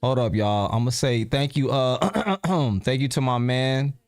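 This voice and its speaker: A man's voice: mid-range voice, a little slow, dry recording, studio quality. A man hosting a casual live stream, laid-back and rambling as he talks to his viewers.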